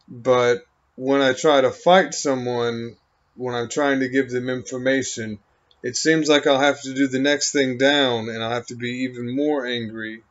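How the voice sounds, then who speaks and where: Man, unhurried, drifting monologue thick with fillers; mid pitch; dull lo-fi sound. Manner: halting, meandering, full of "you know" and "um". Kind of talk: rambling stream-of-consciousness monologue. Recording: dull lo-fi recording.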